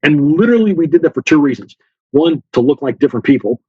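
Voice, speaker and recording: Guy telling an animated story in an interview, kinda husky, dry muffled audio. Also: a little high, fast talker, dry recording. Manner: animated storyteller, acts out dialogue, many fillers. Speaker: guest author, former Special Forces officer.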